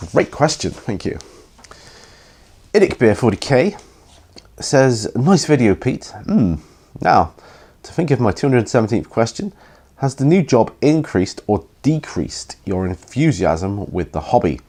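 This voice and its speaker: A tired man hosting a hobby Q&A, rambling and hesitant with many pauses and ums, yawning as he goes. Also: mid-range voice, sing-song, a little mellow, slightly rough. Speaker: hobby channel host answering viewer questions. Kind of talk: casual Q&A chat.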